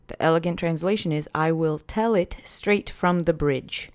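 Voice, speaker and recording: A woman hosting a podcast language lesson, saying words slowly and carefully for listeners to repeat, with cheerful praise after each drill. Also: lowish voice, expressive, darkish tone, faint music behind. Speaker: podcast host teaching Polish phrases.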